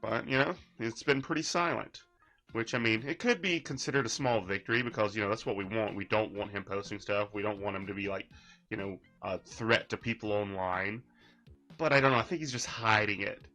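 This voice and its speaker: A man's voice: on the low side, brisk, bright, forceful tone, soft background music. A man giving casual, rambling reaction commentary, mocking the person in the clip. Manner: rambling, mocking, laughs at his subject.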